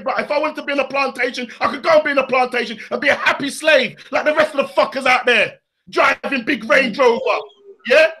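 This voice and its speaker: A man, ranting furiously on a live stream, profane and often shouting. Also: extremely high pitch. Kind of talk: angry live-stream rant.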